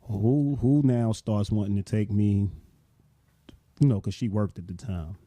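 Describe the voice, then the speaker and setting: Laid-back man in his late 30s, low dark voice, rambling "you know" storytelling, dry sound. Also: measured pace, dry recording. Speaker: podcast co-host. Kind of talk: casual storytelling chat.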